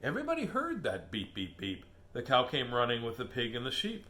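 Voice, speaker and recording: A man's voice: medium pitch, huge pitch swings, fairly quick, pushed and bright. A man hosting a casual storytime, reading children's books aloud with jokes and asides. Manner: playful, jokey, laughs at his own puns.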